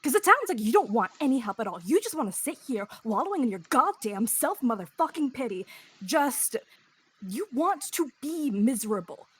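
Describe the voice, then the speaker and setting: Woman doing an enraged male adventurer, husky, highish voice, long swearing rant. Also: very animated, moderate pace, full character voice. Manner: ranting, heavy swearing.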